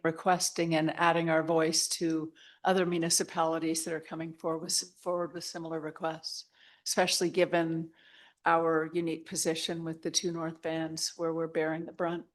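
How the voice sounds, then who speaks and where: A woman city councillor presenting a motion at a council meeting in a formal, measured way. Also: sits low, monotone.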